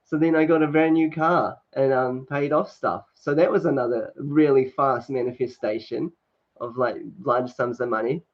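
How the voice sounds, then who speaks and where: A man's voice: medium pitch, fairly even intonation, normal speed. A man hosting a casual livestream, reading comments and chatting with many fillers and laughs. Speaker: livestream host. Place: indoors at home, sunny. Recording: dull lo-fi stream audio.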